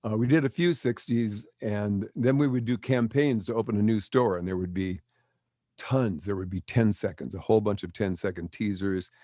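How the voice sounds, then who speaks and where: An older man, a veteran broadcaster, telling lively stories in an interview and acting out the quotes. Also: on the low side, normal speed, no room sound, clean studio sound. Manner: animated storyteller acting out quotes. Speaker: guest, broadcaster. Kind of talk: storytelling interview.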